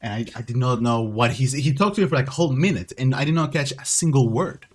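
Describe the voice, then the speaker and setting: A soft-spoken man co-hosts a podcast in casual chat. English is not his first language, and he speaks hesitantly, often stumbling and repeating words. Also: medium pitch, expressive, quick pace. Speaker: podcast co-host.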